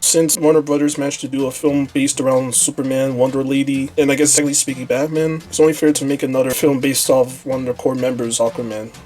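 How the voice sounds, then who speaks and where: A man's voice: medium pitch, flat delivery, quick pace, few pauses, over music. A man giving a casual, ranting film review, blunt and sarcastic, swearing freely. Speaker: movie reviewer.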